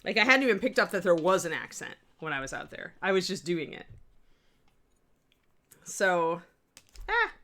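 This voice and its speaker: A woman's voice: fairly low pitch, very animated, normal speed, long pauses, a bit bright. A woman with a slight West Coast accent, chatting casually as she teaches miniature sculpting on a live stream. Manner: chatty, rambling asides while working. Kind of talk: live-stream tutorial chat.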